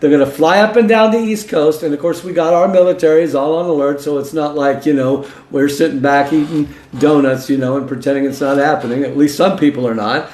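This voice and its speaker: A man's voice: fairly high pitch, steady tone, a little fast, hardly any pauses, darkish tone. A male host giving a political commentary monologue in a folksy, emphatic way, reading news aloud and breaking in with his own remarks. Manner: folksy and emphatic, interjecting "okay?" and "listen to this". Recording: roomy echo.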